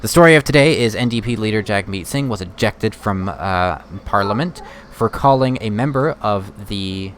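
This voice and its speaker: Man, very deep voice, streamer, rambling political talk, slight background hiss. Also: animated, a bit bright. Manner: rambling, halting, with many fillers. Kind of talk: casual political commentary. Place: home streaming setup.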